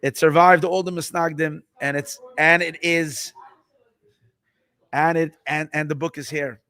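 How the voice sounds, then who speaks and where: A man, a rabbi, telling a story in a sermon, animated and repetitive, dropping in Yiddish words. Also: on the high side, measured pace.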